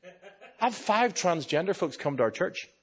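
A man with an Irish accent, a pastor preaching a sermon and telling stories in an animated way, slipping into other people's voices. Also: high voice, moderate pace, breathy edge. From Ireland.

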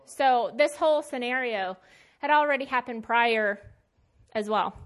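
Woman Bible teacher, fairly high voice, chatty, emphatic preaching with slang. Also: a little slow, a bit bright. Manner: conversational and emphatic, with plain slangy asides. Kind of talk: casual sermon.

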